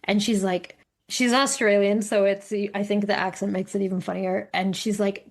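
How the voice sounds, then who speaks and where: Her medium-pitched voice keeps a moderate pace as this middle-aged co-host chats casually with friends on a podcast. She's an animated storyteller who swears freely and acts out quotes, heard through a studio mic.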